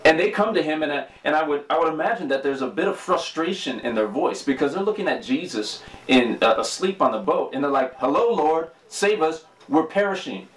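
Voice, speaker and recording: Earnest pastor preaching from home. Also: male voice, on the high side, expressive, a little fast, few pauses, a bit bright, roomy sound, far from the mic, rough recording. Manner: earnest, preaching with rising emphasis. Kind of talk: sermon.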